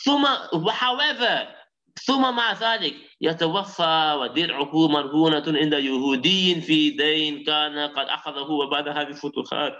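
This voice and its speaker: A man teaching a live online religious class. He tells stories in an animated way and recites Arabic phrases quickly. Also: on the high side, muffled recording.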